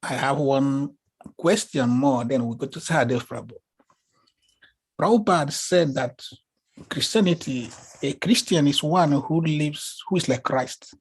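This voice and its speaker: Moderator, husky voice, earnest questioning. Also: medium pitch, a little slow.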